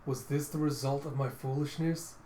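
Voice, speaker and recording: Sad reflective vampire woman, read by a guy in his normal voice, quiet and measured, echoey room. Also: mid-range voice, fairly even intonation, a little hiss or hum, close to an everyday voice. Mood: sorrowful.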